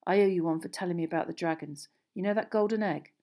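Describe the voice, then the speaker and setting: A woman voicing a friendly older teenage boy who speaks low and confidingly, with a few hesitations. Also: fast talker, warm tone, lightly acted. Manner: lowered, confiding voice.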